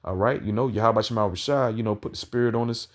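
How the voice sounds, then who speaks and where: A man with a low-pitched voice preaches an angry, combative sermon. He reads verses slowly and loudly, then breaks into fast, profane street talk. He tags nearly every line with "man" or "all right". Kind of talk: profane ranting sermon reading scripture.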